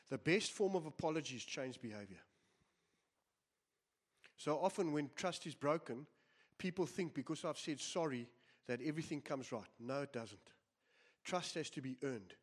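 A man's voice: a little high, lively intonation, normal speed, slightly rough. Emphatic preacher man. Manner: earnest, emphatic preaching with repeated phrases. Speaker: pastor. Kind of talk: sermon.

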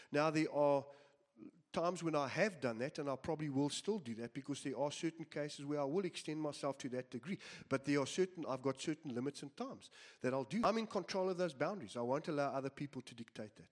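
A man preaching a sermon, earnest and emphatic, often repeating his phrases. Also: on the high side. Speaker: pastor.

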